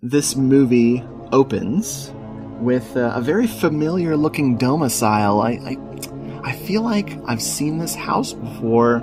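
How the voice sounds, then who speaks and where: A man's voice: mid-range voice, lively intonation, measured pace, over music. A man co-hosting a casual movie podcast, talking in a joking, sardonic way. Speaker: podcast co-host. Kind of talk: casual movie review chat.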